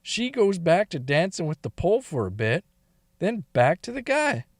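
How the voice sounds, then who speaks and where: A man's voice: high voice, huge pitch swings, moderate pace, no room sound, studio quality. A man telling a crude first-person story, swearing and laughing often. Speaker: story reader.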